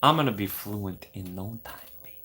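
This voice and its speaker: A man's voice: fairly low pitch, expressive, fairly quick, sharp tone. A young man hosting a casual live stream from home, reading chat aloud and joking at his own expense. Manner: playful, self-mocking, reads chat aloud.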